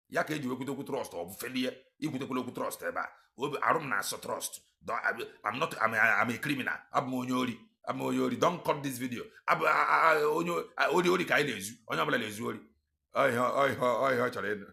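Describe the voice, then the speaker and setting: A man's voice: medium pitch, racing, vocal fry, sharp tone. A man with a Nigerian accent giving mocking, emphatic commentary, switching between Igbo and English and repeating phrases for effect. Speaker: commentator reacting to a played recording.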